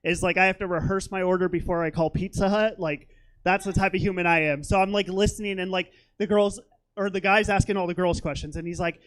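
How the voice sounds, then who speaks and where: A man's voice: high voice, steady tone, fast talker. A young man doing a stand-up comedy set on a theater stage, rambling and self-deprecating, with lots of fillers.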